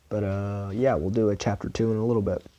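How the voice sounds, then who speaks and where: This amateur audiobook comes from a man with a Southern US accent reading a novel at home, easygoing and casual, sometimes stumbling or repeating himself. His voice is lowish and dark, his mouth dry, and the recording is dry with the highs cut off.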